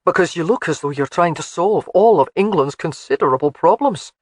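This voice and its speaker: A narrator voices a gruff Highland laird from a storybook, teasing and sure of himself. He speaks low and slow with a lilt. The sound is dry and close. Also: expressive, dry recording.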